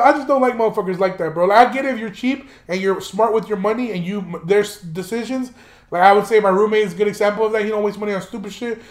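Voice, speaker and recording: High-voiced young man telling stories in an echoey room. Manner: profane, rambling, laughs while telling. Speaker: podcast host. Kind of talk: casual storytelling monologue.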